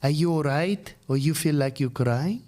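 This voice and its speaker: A man playing a fussing, teary middle-aged mother-in-law, pitched well above his own low voice and a bit louder, with a different, coaxing tone. The delivery is high and pestering. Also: moderate pace, lightly acted.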